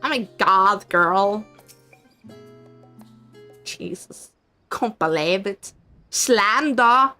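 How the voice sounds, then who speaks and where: A woman's voice: a little high, bright, forceful tone. A woman streamer chatting casually with her viewers in a giggly, playful, teasing manner. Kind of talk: casual live-stream chat.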